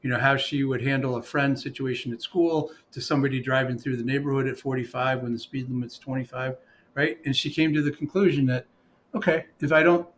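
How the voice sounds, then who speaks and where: A man's voice: medium pitch, a little hiss or hum. A man telling a story in casual conversation, rambling with fillers and restarts and quoting what others said to him.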